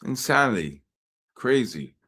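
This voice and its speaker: A man's voice: mid-range voice, unhurried, breathy edge. A man hosting a live trading stream, chatting in a rambling, wisecracking way and telling stories between market calls. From New York. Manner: rambling, wisecracking, animated storytelling with asides to chat. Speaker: trading livestream host. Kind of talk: casual chat while trading live.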